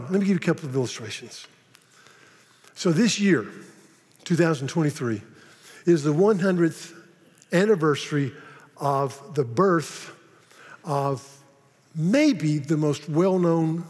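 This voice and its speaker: A man preaching a sermon, often repeating words and slowing down dramatically on key phrases. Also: a little high, a little mellow. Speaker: pastor. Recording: long reverb of a large hall.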